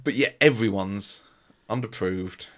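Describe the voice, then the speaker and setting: A man co-hosts a podcast, casually recapping a baking show in rambling chat full of restarts. His voice is on the low side with a fairly bright tone, and he speaks at a measured pace.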